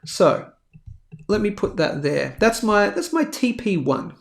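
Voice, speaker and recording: A man's voice: high voice, very animated, measured pace, gravelly. A man hosting a live crypto show, talking bluntly and chattily while working through a price chart. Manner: blunt, chatty, slangy, thinking aloud while drawing on a chart. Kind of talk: live-stream market chart commentary.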